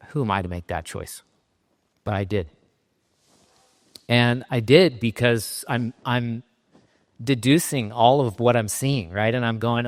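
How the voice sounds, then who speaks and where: Man, mid-pitched, halting and emotional, keynote speech, echoing hall. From Southern California, US. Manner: halting, restarts often, filler-heavy, emotionally raw. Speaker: keynote speaker. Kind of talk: emotional personal storytelling talk. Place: conference stage in a large hall. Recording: reverberant hall sound.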